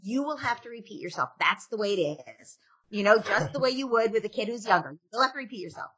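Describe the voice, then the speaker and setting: A woman's voice: medium pitch, animated, fast, a bit bright, slightly rough. A woman who is a parenting author, giving advice in a podcast interview, earnestly checking in with "right?" as she makes her points. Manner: acts out parent and child quotes.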